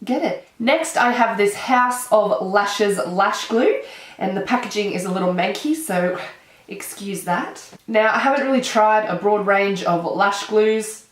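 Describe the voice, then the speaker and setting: A woman's voice: mid-range voice, unhurried. Bubbly Australian woman with a cold. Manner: bubbly, excitable, chatty. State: nasal from a cold. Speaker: beauty vlogger. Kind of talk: casual chat. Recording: echoey room.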